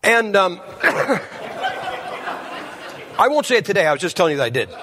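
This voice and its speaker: A man's voice: high voice, sing-song, moderate pace, a crowd in the background, noisy background. A man preaching a humorous sermon at a church service, telling stories in a blunt, joking way.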